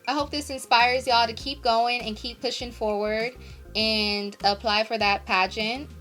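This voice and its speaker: Young adult woman, pageant queen vlogger; gushing, emotional, sharp bright tone. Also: mid-range voice, steady tone, normal speed, faint music behind. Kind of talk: casual unboxing vlog.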